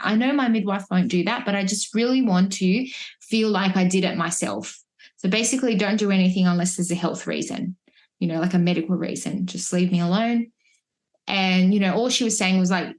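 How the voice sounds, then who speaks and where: A woman talks casually as a podcast guest. She is reflective and chatty, often restarting her sentences. Her voice sits at an everyday middle pitch. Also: fairly even intonation, moderate pace. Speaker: podcast guest, mother of three. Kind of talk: casual birth-story telling. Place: at home, holding a baby. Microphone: wearing headphones, remote podcast recording.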